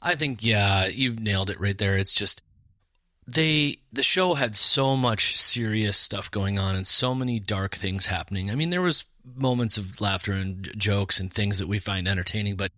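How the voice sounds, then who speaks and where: Easygoing man with a bright, dry voice. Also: on the low side, normal speed, no echo. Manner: easygoing, reflective. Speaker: podcast co-host. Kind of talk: casual podcast chat.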